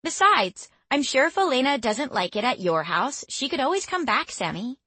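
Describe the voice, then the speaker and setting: A woman voicing an excitable, eager teenage girl in an audiobook. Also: high voice, moderate pace, breathy edge, no room sound, pitched above the performer's own voice, heavily acted. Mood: teasing. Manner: eager, bubbly.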